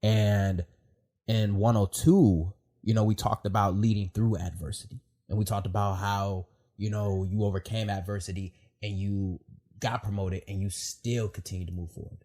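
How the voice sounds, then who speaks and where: A man hosting a podcast, telling a story in an emotional, animated way, with lots of fillers and swearing. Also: fairly low pitch, moderate pace. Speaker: podcast host. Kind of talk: casual heartfelt chat.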